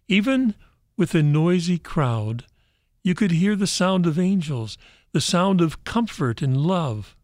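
A man reading a Christmas story aloud in a gentle, measured way. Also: a little high, animated, no room sound, clean studio sound.

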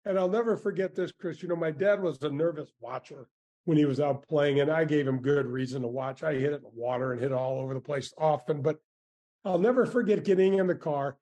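A man in his sixties recounts his golf memories in a relaxed interview. His voice is fairly high but dark and mellow. He talks eagerly, restarting phrases as the stories pour out. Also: fairly quick. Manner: animated, grateful storyteller with many restarts. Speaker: former tour golfer, guest. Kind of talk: casual storytelling interview.

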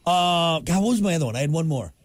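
A man co-hosting a radio talk show, loud and brash, mock-threatening and laughing as he jokes. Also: animated, quick pace, no room sound. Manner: laughs a lot, mimics people in high voices. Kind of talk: casual banter.

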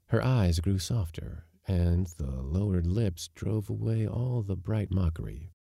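A man reading a story aloud in an expressive, wry narrating manner. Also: low voice, a little slow, gravelly, no echo, studio quality. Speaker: audiobook narrator.

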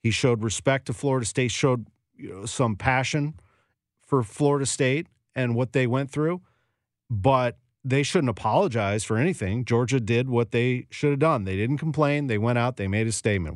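A man's voice: medium pitch, normal speed, no room sound, studio quality. Emphatic male sports radio host. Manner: emphatic, opinionated, repeats points for effect. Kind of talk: opinionated sports talk radio.

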